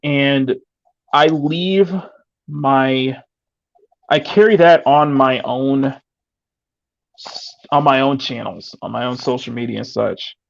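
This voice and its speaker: A man's voice: medium pitch, slow pace, vocal fry, long pauses, dry recording, lo-fi sound. A man streaming, chatting casually and stuttering often as he restarts his sentences. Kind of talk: casual chat on a live stream.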